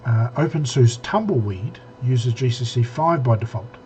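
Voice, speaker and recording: A man's voice: medium pitch, expressive, moderate pace, a little mellow, a little hiss or hum. A man co-hosting a casual tech podcast, rambling with many restarts and fillers. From New Zealand. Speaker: podcast co-host.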